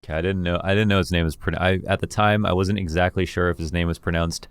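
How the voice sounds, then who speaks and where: A man, an esports caster, thoughtfully reviewing his own commentary in a deep voice, enunciating carefully. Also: steady tone, fast talker, smooth, no room sound. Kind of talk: reflective self-review.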